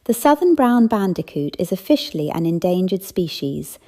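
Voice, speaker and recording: A smug society woman drones on in an overly posh, flat monotone, as a woman narrator puts her on. The voice sits low, with a dark, gravelly texture. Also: normal speed.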